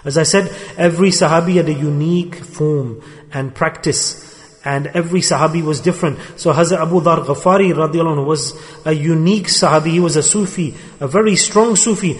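A man's voice: a little high, brisk. A man preaching a sermon to a gathering in a hall. He retells a story with emphasis and asks his listeners rhetorical questions. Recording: long reverberant hall.

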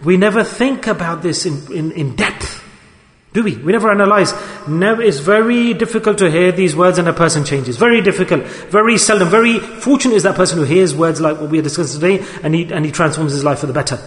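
A man preaches an emotional sermon in a somewhat high voice, firing rhetorical questions and sinking to hushed tones. His voice rings out in a large hall with a long, echoing reverb. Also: fast.

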